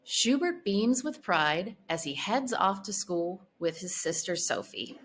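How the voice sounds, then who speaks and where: A woman reading a children's picture book aloud in a clear, expressive manner. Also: mid-range voice, a little slow. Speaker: storybook reader. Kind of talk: read-aloud storytelling.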